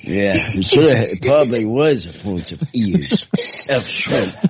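A man on a call-in show, talking in animated, mock-angry casual chat with a lot of laughing. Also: fairly low pitch, unhurried, a little hiss or hum. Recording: dull lo-fi audio.

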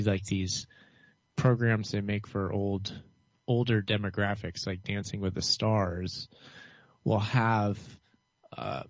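A man talking alone to camera in a cynical, rambling way, with a dull monotone voice and lots of fillers and restarts. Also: on the low side, dry recording. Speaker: vlogger. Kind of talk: rambling solo commentary. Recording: dull lo-fi dry recording.

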